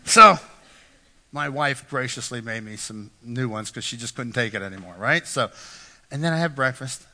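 A man's voice: mid-range voice, normal speed, bright, forceful tone. A middle-aged man preaching a sermon, telling self-deprecating stories with frequent "right?" asides. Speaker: pastor. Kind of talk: storytelling sermon. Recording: echoey hall reverb.

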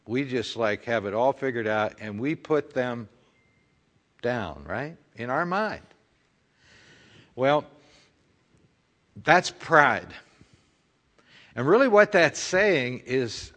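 A man's voice: mid-range voice, animated, slow, pauses often, fairly bright tone, long reverb tail. A male pastor preaching a conversational sermon full of rhetorical questions.

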